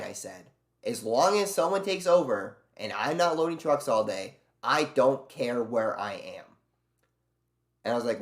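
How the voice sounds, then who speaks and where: A man streaming live, ranting in casual chat with lots of swearing and sarcasm while answering his chat. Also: medium pitch. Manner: ranting, profane, sarcastic storytelling; reads and answers chat messages aloud.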